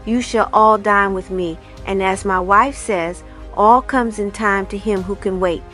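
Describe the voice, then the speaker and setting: A woman voicing a foolish old male king who speaks in a loud, exuberant way. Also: mid-range voice, fairly even intonation, measured pace, faint music behind, close to an everyday voice. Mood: jubilant.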